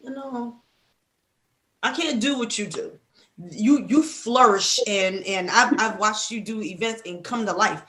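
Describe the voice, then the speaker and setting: A woman with a hoarse voice chats casually with friends on a podcast. She tells stories with a lot of animation and slips into other people's voices as she acts out what they said. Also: fairly high pitch, measured pace, a bit bright. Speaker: podcast co-host. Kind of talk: casual chat among friends.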